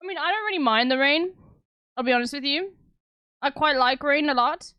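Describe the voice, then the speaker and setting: South African woman, young adult, streamer; high pitch, blunt and sarcastic, dry close sound. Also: animated, fairly quick, no echo, highs cut off. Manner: blunt, sarcastic, swears often. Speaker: livestreamer. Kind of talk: casual chat with stream viewers.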